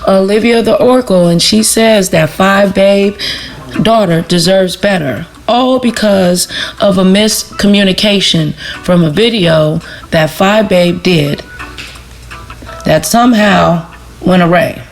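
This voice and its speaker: A woman's voice: medium pitch, slow pace. A woman hosting a casual commentary video, addressing viewers as family and repeating rhetorical questions in a preachy way. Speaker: YouTube commentary host. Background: music playing underneath.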